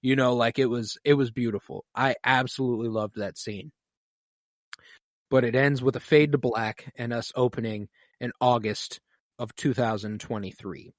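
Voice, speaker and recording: A man's voice: medium pitch, fairly even intonation, normal speed, dry recording, studio quality. A man hosting a podcast, recapping a TV episode at length in an emotional, casual way and swearing freely. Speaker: podcast host. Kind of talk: casual show recap chat.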